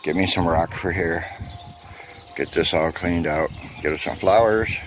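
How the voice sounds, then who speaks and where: Low-voiced man rambling casually outdoors. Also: a little slow, noisy background. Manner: relaxed, rambling, addresses viewers as guys, many ums. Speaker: vlogger. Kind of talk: casual chat to camera. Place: outdoors in a yard.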